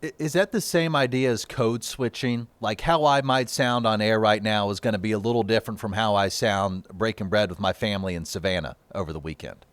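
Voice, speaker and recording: A man's voice: lowish voice, fairly even intonation, brisk, hardly any pauses, no echo. Male news anchor, casual and jokey, dry close studio mic. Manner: chatty, jokey interviewer. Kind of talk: broadcast interview.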